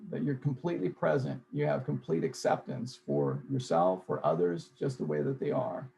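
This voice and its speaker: A man's voice: high-pitched, creaky, a little mellow, slight background noise, rough recording. A man leading a self-help seminar, earnest and repeating key phrases for emphasis. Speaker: seminar leader.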